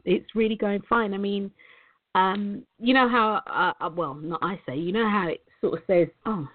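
A woman's voice: medium pitch, moderate pace. A woman hosting a live online talk show, chatty and rambling, laughing often as she talks. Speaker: show host and coach. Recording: tinny phone-like line.

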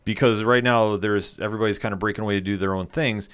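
A man's voice: lowish voice, steady tone, fast, a bit bright, clean tone. A man co-hosting a podcast, retelling an episode in casual, enthusiastic chat with lots of fillers. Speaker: podcast co-host.

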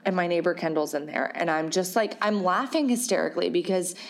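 A woman casually telling a personal story in a chatty, animated way, full of fillers and bursts of laughter. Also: lowish voice, brisk.

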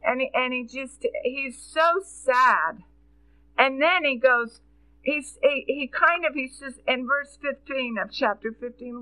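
A woman's voice: high voice, slow, bright, forceful tone, low-quality recording. A middle-aged woman preaching a sermon, telling stories and quoting scripture with earnest feeling.

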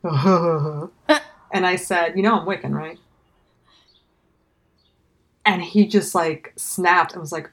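A woman's voice: low voice, moderate pace. A woman telling a story in casual conversation, wry and trailing off, acting out the lines of others. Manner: wry, trails off, acts out quoted dialogue.

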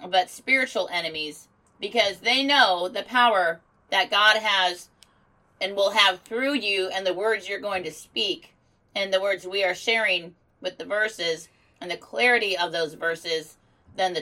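A woman co-hosting a radio show with a bright, forceful voice. She speaks in a reassuring, preacherly manner during their casual chat. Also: mid-range voice, unhurried, poor audio.

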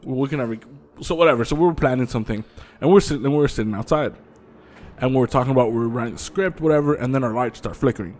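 A man co-hosting a podcast, telling a story in casual chat, animated and profane, laughing often. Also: mid-range voice, very fast. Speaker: podcast co-host.

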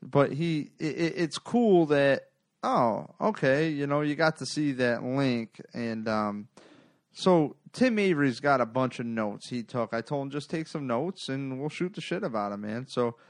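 A man's voice: mid-range voice, unhurried, no echo. New guy hosting a podcast, rambling and swearing a lot, dry close sound. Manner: rambling, profane, animated storytelling. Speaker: podcast host. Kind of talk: casual sports podcast chat.

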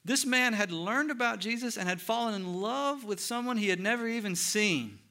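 Animated preacher with a bright tone. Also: male voice, high voice, moderate pace. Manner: animated preacher, swings between loud and hushed. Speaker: pastor. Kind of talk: sermon.

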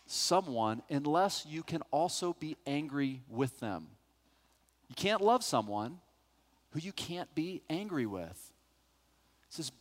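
A middle-aged male pastor telling a personal story as part of a sermon, animated and acting out the voices of the people in it. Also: fairly high pitch. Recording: long hall reverb.

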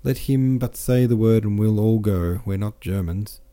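A man's voice: on the low side, normal speed, mellow, close to an everyday voice. A man reading the lines of an emotional, blustering older count in an audiobook.

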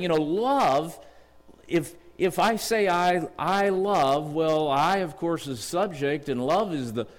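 A middle-aged man preaching a sermon in a church, earnest and storytelling, slowing down to read scripture. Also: a little high. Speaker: district superintendent preaching. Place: church sanctuary. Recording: long church reverb.

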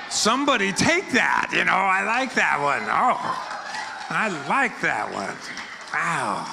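A man's voice: high voice, sing-song, slow pace, gravelly, bright, forceful tone, slight background noise. An older American man preaching to a congregation, playful and joking, leading call-and-response chants. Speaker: guest preacher. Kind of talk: energetic sermon with crowd call-and-response. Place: church hall with a congregation.

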